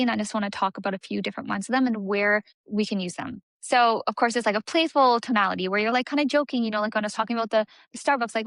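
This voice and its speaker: Fairly high and a bit bright, the young woman's voice comes through with no room sound. Coaching aesthetics business owners in a casual talk, she chatters along with many "like" fillers and acts out client voices.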